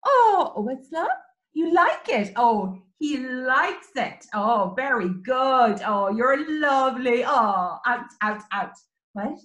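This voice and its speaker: Animated Irish woman teaching small children. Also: sits high, slow. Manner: sing-song, animated, coaxing. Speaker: early years teacher. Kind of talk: children's lesson with songs and signs. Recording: echoey room.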